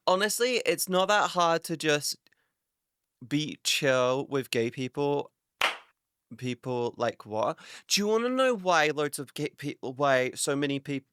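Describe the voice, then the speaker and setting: A woman's voice: low voice, clean tone, no room sound, studio quality. A woman streamer in a casual live chat with her viewers, ranting animatedly, swearing a lot and laughing often.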